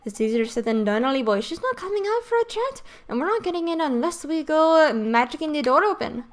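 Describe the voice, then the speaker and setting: A woman's voice: sits high, big pitch swings, brisk. A woman doing a brash little fairy man. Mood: grumbling. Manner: brash, exclaiming, slangy. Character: cheeky, bossy little male fairy sidekick. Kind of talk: reading game dialogue aloud.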